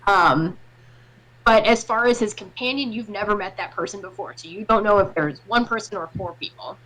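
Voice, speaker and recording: Woman GM narrating a tabletop session, relaxed chatty delivery, mid pitch. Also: moderate pace, rough recording. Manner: loose, chatty narration with fillers. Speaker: game master.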